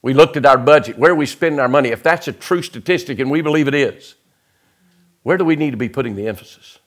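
A middle-aged man preaching an impassioned sermon in a church, swinging between loud shouts and quiet, close asides. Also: medium pitch, quick pace. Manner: preaching with rising shouts and sudden drops to quiet. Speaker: guest preacher. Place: church sanctuary.

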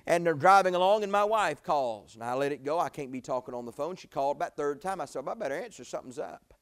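A man, preaching a sermon in a folksy storytelling way, jumping from loud exclamations to quiet asides. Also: a little high, lively intonation, fast talker. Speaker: pastor.

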